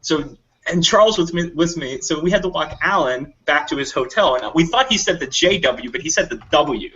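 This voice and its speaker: A man casually telling a long funny anecdote on a podcast, acting out what people said. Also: normal speed. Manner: animated storyteller acting out quotes in higher voices. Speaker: volunteer convention staff telling a story. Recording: dull lo-fi audio.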